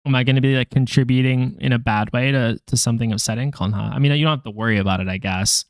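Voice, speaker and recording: A young man in a language-learning vlog rattles through flashcards at a quick pace, muttering each syllable and making self-deprecating jokes to viewers in casual self-talk. His mid-range voice stays steady. The studio recording is clean and free of echo.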